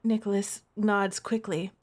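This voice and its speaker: A woman's voice: medium pitch, level tone, a little slow, a little mellow. A woman streamer reading a romance game's text aloud and reacting with dramatic, playful overreactions. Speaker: gaming streamer.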